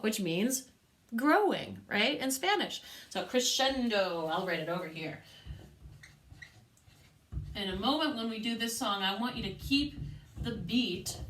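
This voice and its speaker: A woman's voice: on the high side, fairly bright tone, a little hiss or hum. A woman teaching a music lesson to young children, patient and encouraging, with a sing-song teacher manner.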